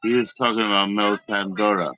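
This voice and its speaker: A man's voice: lowish voice, steady tone, a little fast, bright, forceful tone, no echo, lo-fi sound. A man live-streaming in casual chat, teasing and chatty as he invites viewers to join him.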